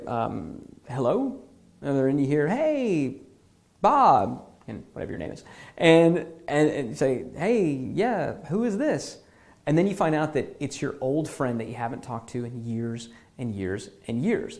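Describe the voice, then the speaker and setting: A male marketing instructor guides listeners through an imagined scenario. He talks loosely and conversationally, full of fillers and check-ins, with a slightly higher pitch than most men. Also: a little mellow. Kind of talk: guided visualization lesson.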